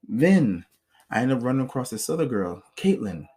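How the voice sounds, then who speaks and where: A man hosting a podcast, telling personal stories in a blunt, profane, animated way. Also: medium pitch, moderate pace. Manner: blunt, profane, animated retelling with acted quotes. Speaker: podcast host. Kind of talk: casual storytelling monologue.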